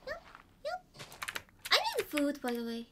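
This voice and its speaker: A young woman streaming a game in casual, simple broken English, excitable, with squeals, gasps and sing-song humming. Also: high-pitched, slow pace, very noisy. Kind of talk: casual gameplay chat.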